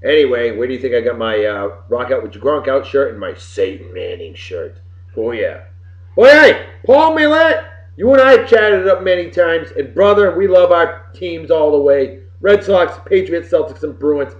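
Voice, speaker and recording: Brief: middle-aged male web-show host, rowdy and folksy, very lively pitch, dull lo-fi audio. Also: normal speed. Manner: boisterous, folksy, swearing, wisecracking. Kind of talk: casual birthday shout-outs on a web show. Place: home room with computer behind him. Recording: roomy, dull lo-fi webcam audio.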